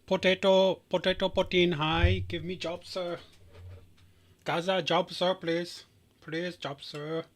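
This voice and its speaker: A man's voice: on the high side, takes it slowly, pauses often, a bit bright. A man voicing a desperate male job-seeker who begs over and over, calling everyone sir. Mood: begging. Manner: begging, repeating "sir".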